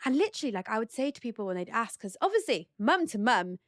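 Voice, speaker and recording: A woman's voice: a little high, very animated, fast talker, no room sound, studio quality. A woman hosting a podcast as a mother, sharing a personal story in a casual, heartfelt way with lots of fillers. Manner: chatty and heartfelt, with many fillers. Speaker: podcast host.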